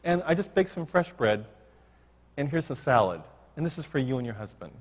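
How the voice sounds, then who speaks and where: A man voicing a warm, bustling older church woman who brings food and calls people honey. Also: mid-range voice, expressive, brisk, close to an everyday voice. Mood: eager. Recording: long hall reverb.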